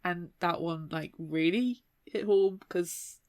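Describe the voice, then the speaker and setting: A young British woman co-hosting a casual book podcast, chatty and animated, often slipping into mock voices. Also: lowish voice, takes it slowly, no room sound. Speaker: podcast co-host.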